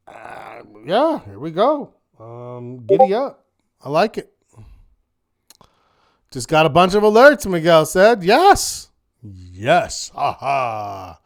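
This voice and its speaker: A man leads a live online trading class in an upbeat, encouraging way, firing off rhetorical questions like a checklist. His voice sits a little high and comes through smooth and crisp. He takes his time, talking at an unhurried pace. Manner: upbeat, encouraging, quick asides to students. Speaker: trading instructor hosting a weekly market wrap.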